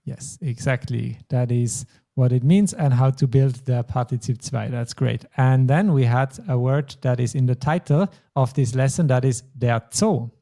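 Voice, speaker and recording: A man's voice: medium pitch, normal speed, creaky, hardly any pauses, mellow. A man teaching a language lesson, explaining patiently step by step. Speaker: German teacher.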